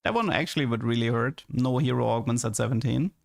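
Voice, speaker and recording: A man's voice: mid-range voice, fast talker, creaky. A young man streaming and chatting casually, rambling and stammering, often repeating words and laughing.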